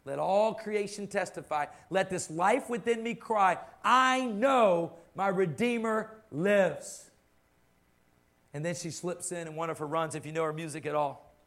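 A man's voice: fairly high pitch, moderate pace, vocal fry. A man preaching a sermon to his congregation, impassioned and fond of repeating phrases for emphasis. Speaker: pastor.

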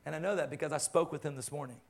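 Male pastor, high voice, preaching with fervor and repetition. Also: racing, gravelly. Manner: impassioned, repeats phrases for emphasis. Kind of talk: sermon.

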